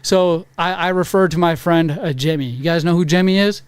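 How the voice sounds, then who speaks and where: A man on a casual podcast, telling a profane story with animated acted-out quotes. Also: on the high side, brisk, clean tone, no echo. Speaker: podcast co-host. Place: podcast studio.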